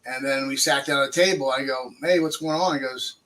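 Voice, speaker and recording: An older man from Maryland telling his own story of getting sober, as a guest in an interview. His voice sits a little higher than most men's, and he talks in a halting way, with many fillers, repeats and restarts. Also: fairly even intonation, pushed and bright, poor audio. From Maryland, USA. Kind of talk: personal recovery story.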